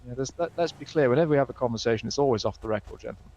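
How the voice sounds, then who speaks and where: Man, British accent, reporter role-play, dry teasing, fast, dull lo-fi audio. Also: medium pitch, darkish tone, a little hiss or hum. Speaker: news reporter character.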